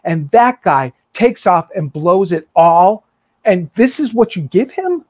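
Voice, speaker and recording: A man's voice: high voice, big pitch swings, slow, a little mellow, dry recording, exaggerated voice. A man doing an indignant resentful older brother. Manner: indignant, ranting.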